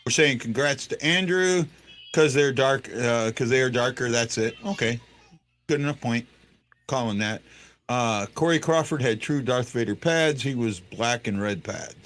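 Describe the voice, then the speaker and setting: A man's voice: mid-range voice, moderate pace, a bit bright. A man hosting a casual sports chat, rambling with lots of fillers and restarts. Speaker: podcast host.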